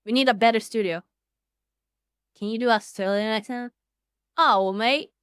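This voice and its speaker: A woman streaming casually, excitable and foul-mouthed, swinging between loud outbursts and low mumbling. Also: normal speed, clean tone, no echo, clean studio sound. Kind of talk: casual livestream chat.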